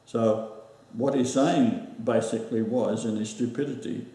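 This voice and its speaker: Australian male host, mellow voice, rambling with lots of fillers, set back from the mic in a very echoey room. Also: mid-range voice, steady tone, far from the mic. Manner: rambling, halting with many fillers. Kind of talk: casual chat.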